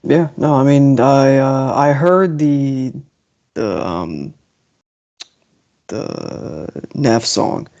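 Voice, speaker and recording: A man with a gravelly, fry-heavy voice and a dark, mellow tone chats on a music podcast. He swears casually and stalls while searching for words. The audio is slightly dull and lo-fi. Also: mid-range voice, lively intonation, very slow, long pauses. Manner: profane, gropes for words, dismissive of pop songs.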